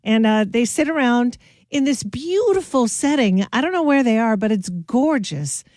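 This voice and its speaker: A woman's voice: a little high, expressive, normal speed, darkish tone, no room sound. Chatty woman radio host, dry studio sound. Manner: chatty, laughs at her own jokes. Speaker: radio morning show host. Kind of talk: upbeat radio show chat. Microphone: studio mic.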